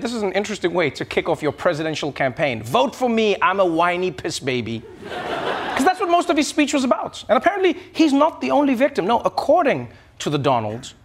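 A man's voice: sits high, slightly rough. A man delivering a sarcastic comedic monologue as a late-night host, slipping into mocking voices.

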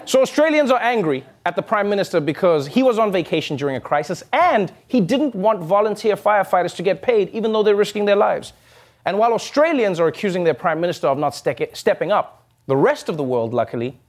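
A man's voice: sits high, lively intonation, a little fast. A man hosting a late-night comedy show, delivering a sarcastic monologue with jokes and asides. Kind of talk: comic monologue.

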